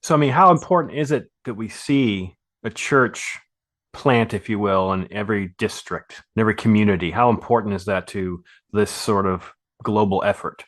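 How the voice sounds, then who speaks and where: Host guy asking questions, lowish voice, kinda hedgy. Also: moderate pace, a bit bright. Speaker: interview host. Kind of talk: interview questions.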